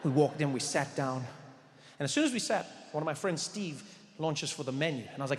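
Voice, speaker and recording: A man from South Africa telling a stand-up story in an animated, playful way, stretching out his punchlines. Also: a little high, fairly quick. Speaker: stand-up comedian. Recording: echoey hall, faint audience ambience.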